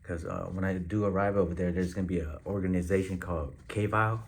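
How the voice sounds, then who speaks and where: A man with a very low voice speaks straight to his viewers in a relaxed vlog. His talk is slangy and loose, with frequent pauses and fillers as he thinks aloud. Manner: laid-back, slangy, halting with many fillers. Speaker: vlogger. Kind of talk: casual direct-to-camera update.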